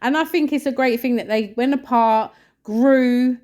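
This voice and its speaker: A woman's voice: fairly high pitch, a little slow, darkish tone. Woman, blunt, swears, casual podcast chat. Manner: blunt, swears, laughs often. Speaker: podcast co-host.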